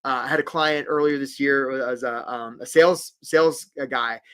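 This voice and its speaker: A man's voice: medium pitch, normal speed, a bit bright, smooth. A man coaching job seekers in a live webinar, upbeat and encouraging, calling out viewers by name.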